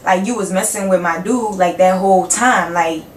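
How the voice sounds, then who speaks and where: A woman's voice: mid-range voice, moderate pace. A young woman in a casual storytime vlog, cursing freely and acting out both sides of each conversation. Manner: animated, acts out both sides of dialogue, frequent cursing. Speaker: vlogger. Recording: roomy sound from a distant mic with faint background hum.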